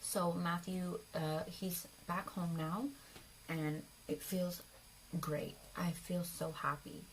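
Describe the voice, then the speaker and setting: A woman's voice: lowish voice, flat delivery, slow, slight background noise, poor audio. A young adult woman vlogger telling a personal story in a casual, rambling way. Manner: chatty, rambling, with fillers and acted quotes.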